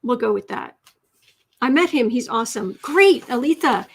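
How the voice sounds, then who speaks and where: A woman with a slightly high voice hosts a casual writing livestream. She chats with viewers, reads their comments aloud and corrects herself as she goes. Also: lively intonation, moderate pace, a little hiss or hum. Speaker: livestream host and writing coach.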